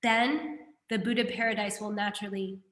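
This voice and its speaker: A woman teaching a class, explaining a Buddhist text in a lively, conversational way and putting questions to her students. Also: mid-range voice, moderate pace, echoey room, a little hiss or hum.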